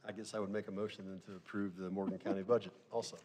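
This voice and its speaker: A man with a low, flat voice speaks as a council member, dry and self-deprecating about being the accountant of the group. He sits off the mic in a hall with long reverb. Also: racing.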